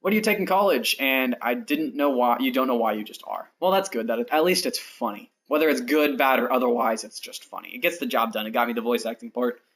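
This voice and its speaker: A man's voice: medium pitch, steady tone, a little fast, hardly any pauses, a bit bright. Chatty young American man streaming. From United States. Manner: rambling, chatty, talks straight to viewers. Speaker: game streamer. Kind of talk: casual live-stream chat. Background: faint background music.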